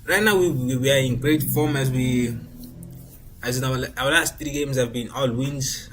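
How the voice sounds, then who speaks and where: A man's voice: mid-range voice, a little hiss or hum, poor audio. A man giving casual, rambling commentary while playing a football management game. He often repeats and restarts phrases as he thinks aloud.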